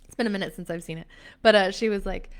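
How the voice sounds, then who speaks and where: Woman, young adult, motivational coach on a live stream; emphatic, gushing, restarts a lot, middle pitch. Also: quick pace. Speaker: empowerment coach hosting a live session.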